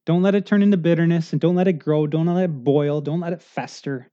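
A man's voice: fairly high pitch, steady tone, a little fast, dark tone, highs cut off. A middle-aged male pastor preaching a sermon in a conversational, earnest way, often checking in with the congregation.

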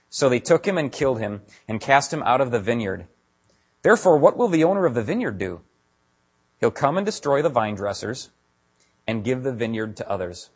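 A man preaching a sermon as pastor, talking casually to his congregation and building to loud, emphatic stretches. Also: medium pitch, moderate pace, slightly rough. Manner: animated, builds to raised emphatic delivery.

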